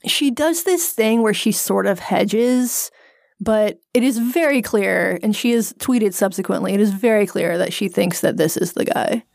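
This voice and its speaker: A woman's voice: mid-range voice, measured pace, vocal fry, darkish tone, dry recording. A woman co-hosting a podcast, explaining a story in a wry, casual way on a close mic. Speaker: podcast co-host. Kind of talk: casual chat.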